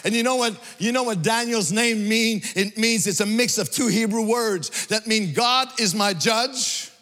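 Preacher, male, high bright voice, sing-song delivery, big hall echo. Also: unhurried. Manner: emphatic, sing-song preaching with swings from loud to hushed. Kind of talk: sermon. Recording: long hall reverb.

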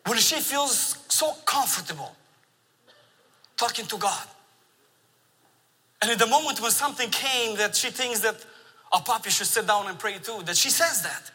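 Bright-voiced man preaching in a hall. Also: sits high, normal speed, pauses often, husky. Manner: animated storytelling with laughs. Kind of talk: sermon. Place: large church sanctuary. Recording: long reverb of a large church hall.

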